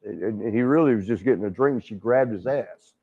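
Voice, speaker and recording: A man's voice: lowish voice, fairly quick, dark tone, breathy edge. An older man telling a rowdy story in casual chat, laughing often, swearing and acting out quotes. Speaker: wrestling legend guest. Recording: dull lo-fi stream audio.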